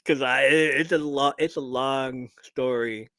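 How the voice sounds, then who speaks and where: A man of middle pitch reads a listener's story on a live show. He breaks off to swear, laugh and talk straight to his audience. The sound is close and dry, with no room around it. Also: a little slow, no echo. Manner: animated, profane, laughs often, talks straight to listeners. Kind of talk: reading a listener's story aloud with commentary.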